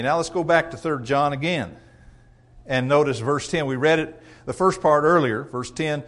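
A man's voice: medium pitch, moderate pace, fairly bright tone. A male pastor preaching a sermon in a conversational, emphatic way, often chuckling and acting out what people say.

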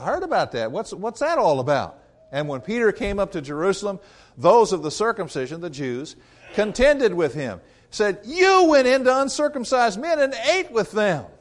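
A male preacher delivering a sermon in a folksy, conversational way, with emphatic bursts and a refrain he keeps repeating. His voice sits a little high for a man.

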